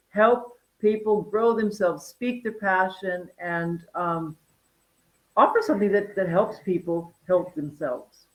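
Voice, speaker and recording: A woman in her fifties from North Dakota, a guest chatting casually about her wellness farm, animated and full of fillers and laughs. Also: medium pitch, rough recording. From North Dakota, USA. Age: 50s. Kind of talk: casual interview chat.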